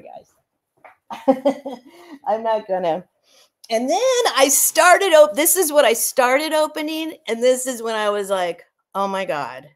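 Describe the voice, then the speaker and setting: A woman's voice: fairly high pitch, vocal fry. A woman vlogger chatting casually on a livestream, gushing and rambling, teary after crying. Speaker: vlogger opening gifts.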